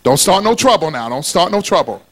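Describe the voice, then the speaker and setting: A man preaching a lively sermon to a congregation, calling for responses, joking and swinging between quiet asides and shouts. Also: on the high side, a little fast. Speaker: pastor. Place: church sanctuary with congregation.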